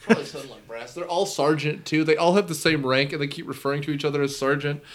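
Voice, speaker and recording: A man's voice: fairly high pitch, fast talker, a little hiss or hum. A sleepy man chatting casually as a podcast co-host, rambling with wry, sarcastic asides. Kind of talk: casual chat.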